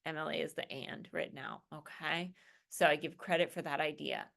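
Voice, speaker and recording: A woman's voice: sits low, fairly even intonation, fairly quick, vocal fry, a bit bright. Woman teacher, checks in with "right?". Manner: conversational, keeps checking in with "right?" and "okay?". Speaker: college English instructor. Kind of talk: recorded lecture explaining an assignment.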